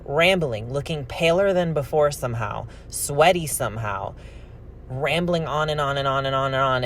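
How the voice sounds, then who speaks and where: A man casually narrating a true crime story with an opinionated, animated delivery while he opens trading cards. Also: mid-range voice, slight background noise. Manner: chatty, opinionated, animated retelling. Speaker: card-opening vlogger telling a true crime story.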